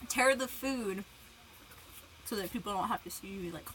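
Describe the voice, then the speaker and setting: A woman's voice: medium pitch, normal speed, a bit bright, slight background noise, low-quality recording. Giggly young woman chatting on stream. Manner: giggly, chatty, greets viewers by name; self-conscious, eating while talking. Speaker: livestreamer. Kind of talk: casual livestream chat.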